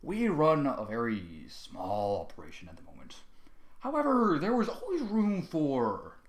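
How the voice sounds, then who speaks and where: A man voicing a volatile, foul-mouthed middle-aged human man who lurches between shouted threats and false politeness. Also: mid-range voice, huge pitch swings, measured pace, reverberant. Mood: sly. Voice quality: explosive shouting, profane threats.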